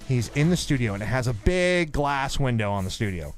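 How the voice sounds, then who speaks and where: A man hosting a casual show, telling stories in an animated way and swearing freely. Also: mid-range voice, fairly quick, soft background music. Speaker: radio and show host. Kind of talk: casual storytelling chat.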